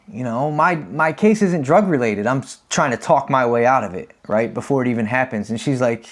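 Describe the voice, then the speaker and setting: A man in his thirties talks candidly through a personal story. His voice sits at an ordinary, middle pitch. He grows animated when he acts out what people said. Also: fairly quick, hardly any pauses. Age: 30s. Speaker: podcast host. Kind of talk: confessional storytelling.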